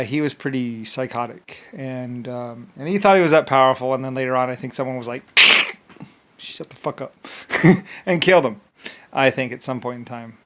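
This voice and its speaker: A man's voice: medium pitch, a bit bright, clear, resonant tone. A man telling a rambling story in a casual, profane way, full of fillers and laughter. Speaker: channel host.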